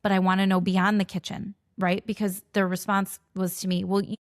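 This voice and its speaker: A woman's voice: medium pitch, little pitch movement, normal speed, no room sound, studio quality. A woman in her forties, a mother, telling a personal story to camera and acting out both sides of each conversation. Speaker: mother of a teenager with food allergies.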